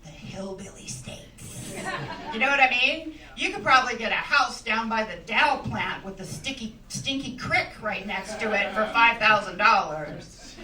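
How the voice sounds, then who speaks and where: A middle-aged woman performs stand-up on a comedy club stage, her fairly high, lively voice captured from a distance in roomy club sound. At a measured pace, she's wry and conversational, often laughing as she talks, while the crowd responds with laughter.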